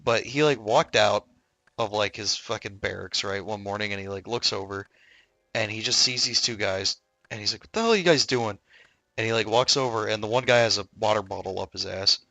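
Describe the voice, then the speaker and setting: A man chats casually on a stream, his voice gravelly and bright. He swears freely, laughs often and acts out quoted lines in a raised voice. The sound is dry, with no room echo. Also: lowish voice, fairly even intonation, a little fast. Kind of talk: casual storytelling chat.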